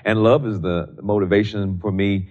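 Older male preacher, lowish voice, repeats points slowly, muffled lo-fi recording. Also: steady tone. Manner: repeats key lines slowly for emphasis, many restarts; reads scripture in old-fashioned wording. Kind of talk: sermon teaching on prayer. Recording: dull lo-fi recording.

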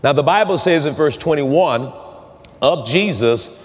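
A fervent male pastor preaching with a fairly high-pitched voice. He races through some lines and stretches others into loud, drawn-out calls. A long reverb hangs on his words in the church. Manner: fervent preaching, swings between rapid talk and drawn-out shouted phrases. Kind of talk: sermon. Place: church sanctuary.

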